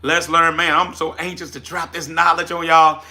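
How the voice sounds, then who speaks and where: Bright, lively Louisiana man hosting a livestream. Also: on the high side, normal speed. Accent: Southern US, Louisiana. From South Louisiana. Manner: energetic, reads chat names aloud, preacherly repetition. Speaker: livestream host, business coach. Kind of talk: casual livestream chat.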